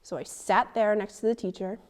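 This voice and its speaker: A teenage girl telling a personal story in an interview, animated and indignant, acting out the dialogue. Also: mid-range voice, brisk. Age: teens. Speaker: student interviewee.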